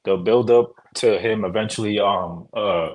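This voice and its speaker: Low-voiced, laid-back man, hesitant speech. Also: measured pace, darkish tone. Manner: hesitant, many fillers and restarts, laid-back slang. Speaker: podcast co-host reviewing films. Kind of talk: casual chat.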